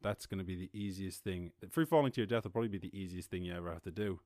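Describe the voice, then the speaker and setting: Low-voiced man telling a rambling story. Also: rapid-fire, no room sound, clean studio sound. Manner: rambling, animated, mimics others in high voices. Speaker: podcast host. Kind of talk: casual storytelling monologue.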